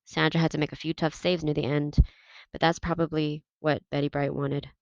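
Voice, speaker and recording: Woman reader, steady novel narration, low and gravelly; dry lo-fi take. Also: brisk, dry recording. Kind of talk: reading a novel aloud. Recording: dull, dry lo-fi recording.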